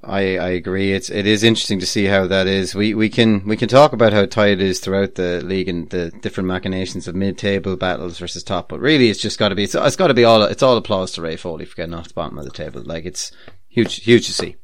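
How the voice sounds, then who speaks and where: A young man with a lowish voice joins a podcast as guest co-host, trading dry, mock-formal jabs. His speech stumbles through restarts. The sound is close and dead dry. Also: fast, no echo. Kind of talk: casual chat.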